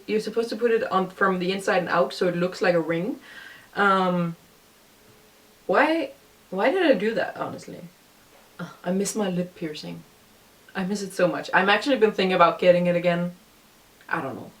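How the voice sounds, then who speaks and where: A woman's voice: medium pitch, normal speed. Rambling young woman, voice slightly distant. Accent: noticeable non-native accent. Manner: rambling, self-deprecating, frequent ums. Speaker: vlogger. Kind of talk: casual reaction vlog commentary.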